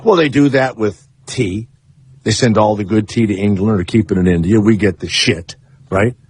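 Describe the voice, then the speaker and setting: A man's voice: moderate pace, a little mellow, breathy edge, no echo. A man hosting a radio talk show, rambling through comic stories in a sarcastic way and taking calls in a studio. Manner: rambling, sarcastic, swings up high for emphasis. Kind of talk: comic radio monologue and call-in chat. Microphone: studio microphone.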